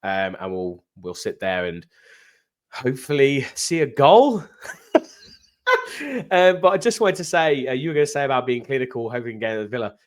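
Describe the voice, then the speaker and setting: A man's voice: mid-range voice, expressive, fast, hardly any pauses. An English man co-hosting a football fan channel, upbeat and jokey in casual chat.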